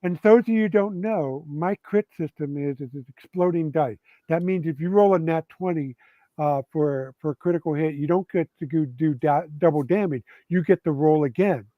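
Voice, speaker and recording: Man, game designer guest, animated rambling storyteller, high voice, dry lo-fi sound. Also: normal speed, dry recording. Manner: animated, rambling, with frequent restarts. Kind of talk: storytelling in a casual interview. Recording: dull lo-fi sound.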